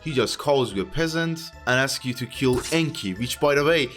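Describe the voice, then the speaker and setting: A man's voice: mid-range voice, expressive, moderate pace, a bit bright, soft background music. A young man giving casual game commentary in a rambling, sardonic way with jokey asides. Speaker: video game YouTuber.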